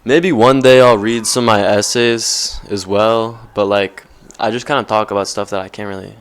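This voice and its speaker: A man's voice: fairly low pitch, steady tone, moderate pace, clear, resonant tone. A young man vlogging off the cuff, rambling with lots of slang and filler words. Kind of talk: casual off-the-cuff vlog talk.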